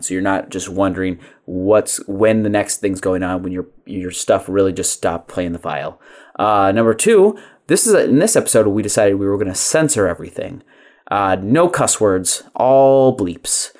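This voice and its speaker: A man's voice: fairly low pitch, a little mellow. Rambling male podcast host. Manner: self-deprecating, rambling with many fillers. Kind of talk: casual podcast chat.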